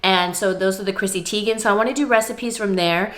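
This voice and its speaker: A young woman chats to her camera at home in a relaxed vlog. She talks candidly and easily, pausing now and then for a bite of food. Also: mid-range voice. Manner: chatty, candid, talks between bites of food. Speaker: vlogger. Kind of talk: casual vlog chat while eating. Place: at home, indoors.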